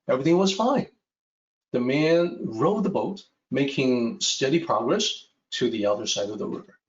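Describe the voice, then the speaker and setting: A man teaching a Taoist text, telling a traditional story in a measured lecture style. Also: mid-range voice, recorded from a distance. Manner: slow, measured, with lively rises and falls. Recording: echoey room, dull sound.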